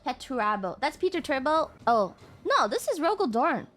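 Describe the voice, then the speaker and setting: A young woman streamer with a high-pitched voice, chatting casually and swearing often. She keeps snapping back at her chat in exasperated bursts, then settles down again. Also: very animated, moderate pace, a bit bright. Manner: profane, exasperated outbursts at chat.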